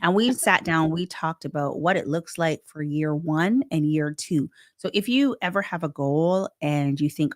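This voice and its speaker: A woman co-hosting a podcast in casual chat, animated and emphatic, swinging between loud bursts and hushed asides. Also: low-pitched, moderate pace, hardly any pauses. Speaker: podcast co-host.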